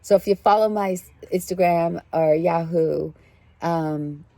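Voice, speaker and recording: A woman's voice: lowish voice, measured pace, mellow, dry recording. A woman giving a casual spiritual card reading in a preachy, emphatic way, repeating her key phrases. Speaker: tarot card reader.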